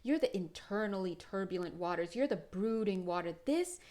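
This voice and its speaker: A woman's voice: mid-range voice, animated, moderate pace, warm tone. A woman doing a casual spiritual tarot reading to camera, chatty and rambling, laughing often and breaking off mid-thought. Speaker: tarot reader.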